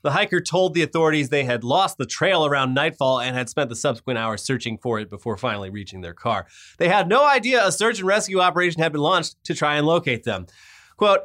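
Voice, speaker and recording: A man's voice: a little high, lively intonation, fast, a bit bright. A man co-hosting a casual chat, blunt and swearing casually, who also reads news stories aloud. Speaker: podcast co-host.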